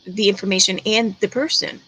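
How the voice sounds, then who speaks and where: A woman's voice: medium pitch, steady tone, a little fast, a bit bright, breathy edge, low-quality recording. Chatty woman hosting a livestream. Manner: chatty, laughs often. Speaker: livestream host. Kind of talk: casual chat with callers.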